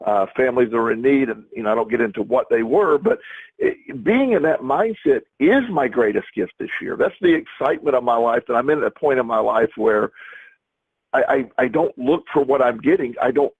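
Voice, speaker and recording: A man's voice: mid-range voice, lively intonation, brisk, husky, no echo. A middle-aged man co-hosting a podcast in casual chat, rambling with many restarts and repeated words, heard over a tinny phone-like line. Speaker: podcast co-host.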